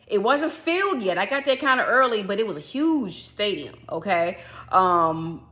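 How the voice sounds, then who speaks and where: A woman vlogger chatting casually about a solo trip, telling the story with lively acted-out reactions. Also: mid-range voice, normal speed. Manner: animated storytelling, acts out her own past reactions. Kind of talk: casual chat.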